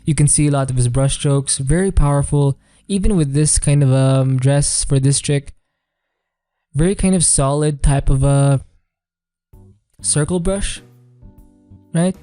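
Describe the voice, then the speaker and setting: A man's voice: fairly high pitch, a little slow, long pauses, no room sound, studio quality, soft background music. A man giving casual, rambling commentary on artwork, full of fillers and hedging phrases. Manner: relaxed, rambling, many fillers and "kind of". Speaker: artist reviewing artwork.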